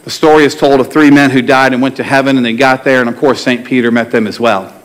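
A man's voice: mid-range voice, steady tone, fast talker. A male pastor preaching a sermon to his congregation in a conversational way, asking them questions and telling stories. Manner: conversational, asks the congregation questions and tells jokes. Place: church sanctuary before a congregation.

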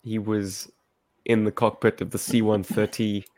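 A man's voice: lowish voice, flat delivery, a little slow, a little mellow, no echo, clean studio sound. A man hosting a casual podcast, chatty and upbeat, often laughing as he steers the talk. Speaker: podcast host.

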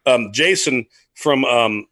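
A man's voice: medium pitch, slow, pushed and bright, no echo. A man, a former baseball player, chatting enthusiastically and telling locker-room stories. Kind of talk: casual chat.

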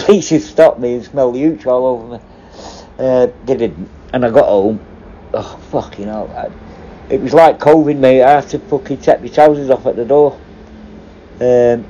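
Middle-aged bloke, ex-prison officer, sweary rambling storyteller; mellow dark voice, dull lo-fi recording. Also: male voice, mid-range voice, a little hiss or hum. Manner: sweary, rambling, laughs at his own stories. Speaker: former prison officer and hostage negotiator. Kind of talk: casual storytelling.

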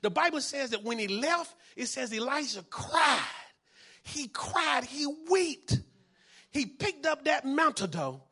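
Male pastor, sermon delivery, high-pitched, lively and fervent. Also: slow. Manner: preaching, building from calm teaching to shouted fervor.

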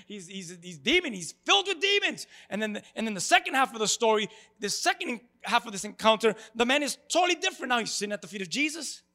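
A male pastor preaching an animated sermon to a congregation and calling for their responses. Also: high voice. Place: church before a congregation.

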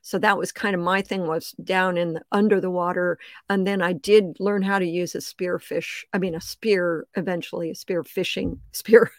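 An older woman, a podcast guest, telling lively stories and laughing often. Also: fairly low pitch, moderate pace, few pauses, no room sound, studio quality. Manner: laughs often, animated storyteller. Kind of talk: casual interview chat.

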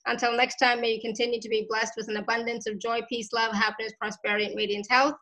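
A woman's voice: on the high side, flat delivery, fast, bright, forceful tone, poor audio. A woman hosting a casual online show, effusive and grateful, laughing often as she talks. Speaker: host. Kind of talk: casual chat.

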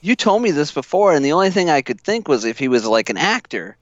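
Very lively-pitched, laid-back male co-host. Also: quick pace, no room sound, lo-fi sound. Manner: laid-back and reactive, with short replies and laughs. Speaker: podcast co-host. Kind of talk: casual chat.

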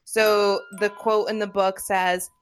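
A woman's voice: mid-range voice, little pitch movement, slow pace, slight background noise. Gushing, emotional woman podcast host. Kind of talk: casual chat.

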